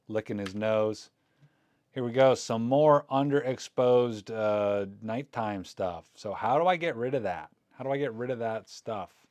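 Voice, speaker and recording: Recorded close and dry with no echo, this fairly low-pitched man is a photography vlogger looking through his film scans live. He keeps it casual, chatting, cracking jokes and thinking aloud as he goes.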